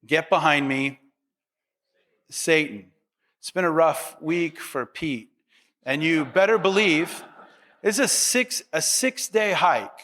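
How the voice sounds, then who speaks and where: A man's voice: on the high side, lively intonation, slow, fairly bright tone. A middle-aged man preaching a sermon as pastor, conversational and humorous, with asides to the congregation.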